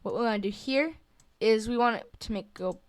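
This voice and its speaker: A woman walking through a software drawing tutorial in a casual, hesitant way, with many fillers and self-corrections. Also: fairly high pitch, a little fast, a little hiss or hum. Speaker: tutorial creator. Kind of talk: screen-recorded software tutorial.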